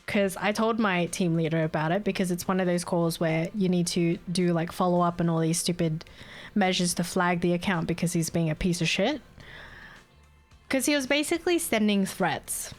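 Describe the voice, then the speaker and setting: A woman live streamer venting in a casual, heated and profane rant, breaking into laughter. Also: fairly low pitch. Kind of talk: casual ranting chat.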